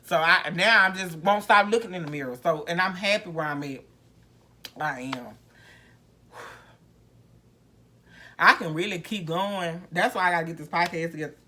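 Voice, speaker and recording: A woman's voice: lowish voice, moderate pace, pauses often, bright, forceful tone. A woman hosting her podcast, talking frankly and rambling through her own story with many restarts, without a proper podcast mic. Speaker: podcast host. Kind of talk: candid personal recovery story.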